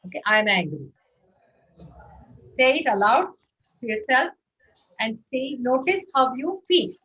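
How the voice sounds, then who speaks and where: A woman gives an interactive lecture over a video call, her somewhat high, husky voice rising and falling a great deal as she urges listeners to respond. The sound comes through muffled and lo-fi. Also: normal speed. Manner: animated, coaxing participants to respond. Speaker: speaker leading an online workshop.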